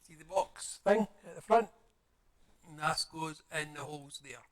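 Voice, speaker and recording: A man's voice: on the high side, measured pace. A man chatting playfully as he builds a paper model, muttering to himself and making silly sound effects.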